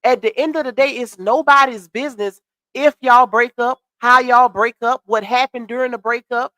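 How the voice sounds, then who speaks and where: Congested woman, sassy live-stream host, slightly high voice, dry close sound. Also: steady tone, moderate pace, bright, forceful tone, dry recording. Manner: sassy, chatty, greets chat viewers. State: congested with a cold. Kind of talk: casual commentary live stream.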